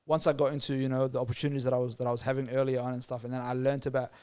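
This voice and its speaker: Fast-talking man, flat delivery. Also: mid-range voice, smooth. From Somalia, raised in Australia. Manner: fast, earnest, full of repeated words and "you know" fillers. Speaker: guest, youth worker and poet. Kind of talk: casual podcast interview.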